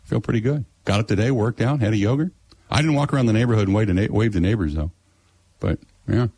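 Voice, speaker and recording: A man's voice: lowish voice, fast talker, warm tone, slightly rough, no echo. A middle-aged man hosting sports radio, telling a story in blunt, sarcastic, exasperated casual chat.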